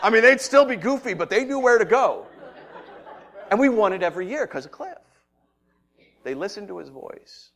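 Animated pastor with a lively, high voice. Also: male voice, moderate pace, pauses often, a little hiss or hum. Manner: animated storytelling, acting out shouting voices; drops to a soft, low voice for the message and prayer. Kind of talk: sermon.

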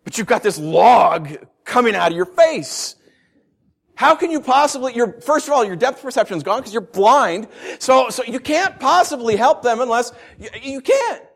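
A man's voice: extremely high pitch, animated, normal speed. A man in his thirties preaching a sermon in a conversational way, with self-mocking asides and emphatic rises. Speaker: pastor.

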